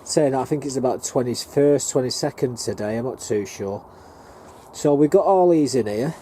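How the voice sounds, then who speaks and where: A northern English man with a very dark, mellow voice, rambling chattily as he walks his allotment plot. He talks plainly into a handheld camera, with faint outdoor noise behind him. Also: medium pitch, moderate pace. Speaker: allotment gardener and vlogger. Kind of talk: casual walking tour.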